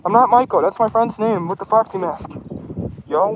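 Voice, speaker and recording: A man's voice: high-pitched, moderate pace, background noise. A man streaming casually and answering his chat in character, rambling and defensive with lots of stumbling restarts.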